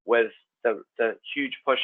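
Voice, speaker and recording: A New Zealand man with a Kiwi accent, an actor chatting as a guest in a relaxed, rambling way. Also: medium pitch, measured pace. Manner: laid-back, rambling, says "man" and "like" a lot. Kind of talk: casual chat. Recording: tinny phone-like line.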